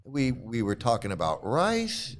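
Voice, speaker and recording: A man's voice: medium pitch, huge pitch swings, unhurried. Man, live stream commentary, scornful, reads quotes, swears when angry.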